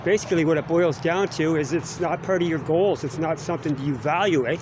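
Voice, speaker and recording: A middle-aged Canadian vlogger, pitched on the high side and talking a little fast, rambles chattily while walking around school grounds outdoors. He meanders from thought to thought and tags "eh?" onto his phrases, with background noise behind him.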